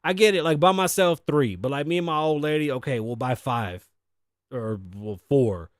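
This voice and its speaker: Male host, profane and jokey rambler, slightly higher register, dry close sound. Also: normal speed, no echo. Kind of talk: casual comedic commentary show.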